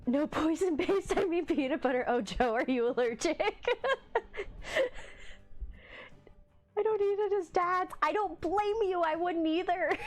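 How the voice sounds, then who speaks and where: A woman's voice: extremely high pitch, moderate pace, hardly any pauses, soft background music. A woman hosting a livestream in casual chat, reading the live chat aloud with playful teasing and frequent laughter. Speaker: livestream host.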